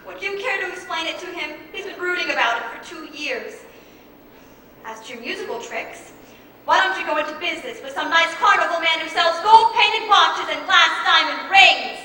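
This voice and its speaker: A stern, guarded young woman, played by a woman on stage, clipped and dismissive. Her voice is high and bright. It carries from far off through a long, echoing hall. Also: animated, moderate pace, a little hiss or hum, exaggerated voice. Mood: cold. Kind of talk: stage musical acting. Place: theater stage. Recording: echoey hall, miked from far off.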